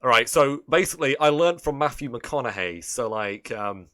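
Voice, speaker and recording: A man's voice: mid-range voice, lively intonation, moderate pace, pushed and bright. A man hosting a live stream, chatting casually in a rambling, joking, profane way.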